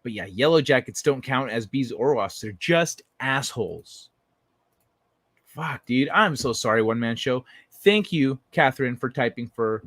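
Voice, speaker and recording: Young adult man, casual livestream host, profane, rambling, mid pitch, dry close sound. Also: fairly bright tone, dry recording. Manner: loose, profane, rambling with many restarts. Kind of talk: casual chat reading viewer messages.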